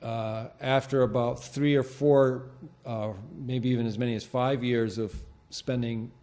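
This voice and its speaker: Guy hosting a local tv show in a studio, warm low-key voice, lots of ums and restarts, just rambling. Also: fairly even intonation. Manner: halting, rambling, many fillers and restarts. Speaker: host of a local cable show. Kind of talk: unscripted studio monologue. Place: TV studio with green screen.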